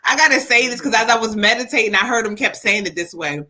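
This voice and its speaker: Bright-voiced woman psychic reader. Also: a little high, fast talker. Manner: chatty, animated, laughs often. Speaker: psychic medium. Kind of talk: live card reading.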